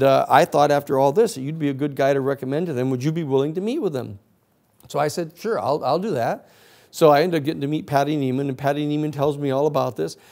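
A middle-aged man, a lawyer, giving a storytelling lecture and acting out the voices of people in his story. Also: on the high side. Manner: animated storyteller acting out quoted voices, laughing often.

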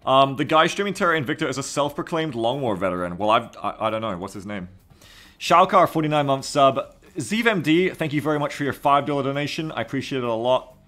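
A man's voice: mid-range voice, expressive, fairly quick. A man streaming a game and casually thanking subscribers and donors by name. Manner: thanking donors warmly, reading names. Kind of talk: casual live-stream chat.

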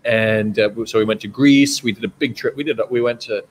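A man's voice: fairly low pitch, fairly even intonation, a little fast, slight background noise. A man with a Canadian accent hosting a casual live stream chat, rambling with plenty of fillers and restarts. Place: home in China.

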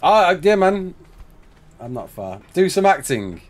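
A man's voice: sits high, very animated, a little slow. A young man, from England, streaming a game live, chatting, joking and laughing while reading chat aloud.

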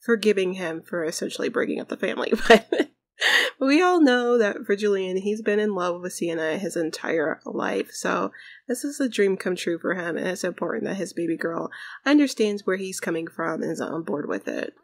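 A woman's voice: lowish voice, lively intonation, normal speed. A woman casually narrating a life simulation game, chatty and giggly. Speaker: gaming YouTuber.

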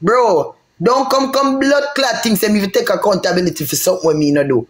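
A man's voice: sits high, brisk, reverberant. An angry Jamaican man arguing and cursing on a livestream. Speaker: live streamer. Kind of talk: heated argument on a livestream.

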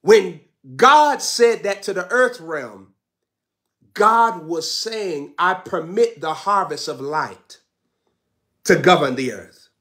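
A man's voice: on the high side, sharp tone. A man preaching a fervent sermon with repeated declarations, breaking into tongues.

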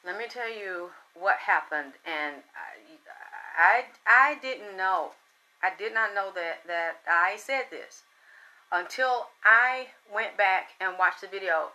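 Sharp-voiced woman, blunt and excitable. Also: mid-range voice, poor audio. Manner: blunt and profane, excitable, repeats herself. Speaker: spiritual reader and channel host. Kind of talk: casual storytelling monologue.

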